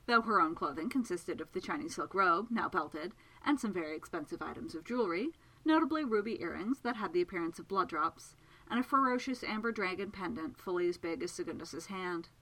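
A woman reading a novel aloud with an expressive, lively delivery, her pitch moving freely through the sentences. Her voice is bright and clear, with a crisp, forward tone. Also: brisk, rough recording. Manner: expressive storytelling. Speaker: audiobook narrator. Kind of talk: scripted narration.

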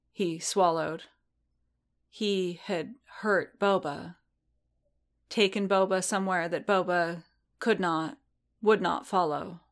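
A woman reads a story aloud in a steady, measured way. Her voice sits on the lower side and she takes her time, unhurried. Each sentence is given space. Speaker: reader. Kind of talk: reading fan fiction aloud.

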